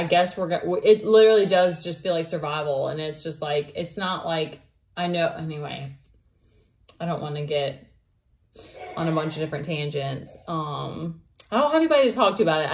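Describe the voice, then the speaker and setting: Lady in her 30s rambling thru a story, lots of likes and restarts, slightly low voice. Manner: rambling, many fillers and restarts. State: emotional, near tears at times. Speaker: vlogger. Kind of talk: casual storytelling vlog.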